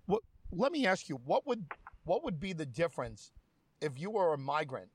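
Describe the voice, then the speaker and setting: A man's voice: on the high side, big pitch swings, moderate pace, breathy edge, dry recording. A man hosting a political chat who thinks aloud and reads out headlines as he goes. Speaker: host.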